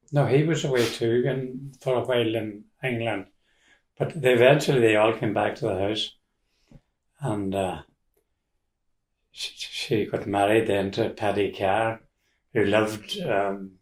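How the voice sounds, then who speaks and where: An older man with a Donegal accent telling rambling family stories in casual talk, with restarts and chuckles. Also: on the low side. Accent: Irish, Donegal. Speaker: interviewee. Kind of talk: casual storytelling. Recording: roomy echo.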